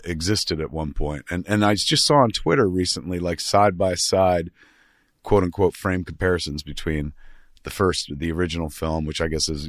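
Rambling low-voiced man hosting film talk. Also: dry recording, clean studio sound. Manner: rambling, loose, with filler words and asides. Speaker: podcast host.

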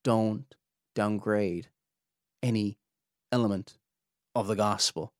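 A man's voice: on the low side, fairly even intonation, slow, no room sound, studio quality. A man hosting a podcast, teaching on theology in an earnest, emphatic way that climbs sharply when he presses a point. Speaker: podcast host and Bible teacher.

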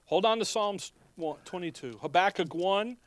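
A man preaching with a high, smooth, resonant voice, recorded close and dry. He rises from hushed asides to loud, urgent cries. He keeps breaking off to look up his scripture references. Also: normal speed, no room sound. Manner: often breaks off mid-phrase to look up chapter and verse. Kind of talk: sermon.

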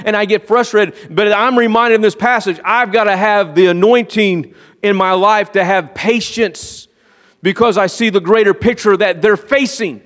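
A man pastor giving an earnest sermon, often slowing down and dropping to a quiet, confiding tone. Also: high voice. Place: church sanctuary. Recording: long reverb of a large hall.

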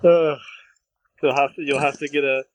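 A young man co-hosting a podcast in casual chat, laughing often and teasing with quick banter. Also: mid-range voice, steady tone, no echo, poor audio. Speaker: podcast co-host.

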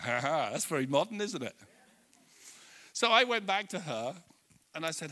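High, bright-voiced animated preacher man. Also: unhurried, long pauses. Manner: animated storyteller, swinging from soft asides to loud bursts. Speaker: pastor. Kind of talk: sermon. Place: church.

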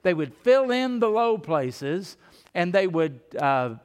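A man's voice: high voice, sing-song, slow pace, clear, resonant tone, long reverb tail. A man preaching a sermon as pastor, telling stories in a folksy, conversational way. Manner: folksy storytelling with asides.

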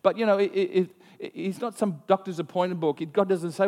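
A man preaching a sermon, telling a story in an animated way with frequent restarts. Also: sits high, brisk, long reverb tail. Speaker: pastor.

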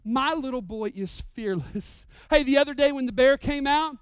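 A man in his thirties delivers a sermon with a smooth, clear voice, heard close and dry. He swings from loud, drawn-out proclamations to hushed, intimate storytelling. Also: very high-pitched, dry recording. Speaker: pastor.

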